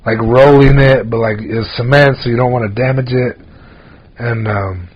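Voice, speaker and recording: Man, podcast co-host, casual rambling chat, husky voice, dull lo-fi recording. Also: mid-range voice, fairly even intonation, normal speed. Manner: rambling storyteller, frequent "like" fillers.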